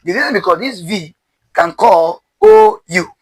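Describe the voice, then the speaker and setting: A man's voice: high voice, lively intonation, unhurried, darkish tone, husky, poor audio. A man teaching pronunciation step by step, drilling syllables with call-and-response and asking rhetorical questions.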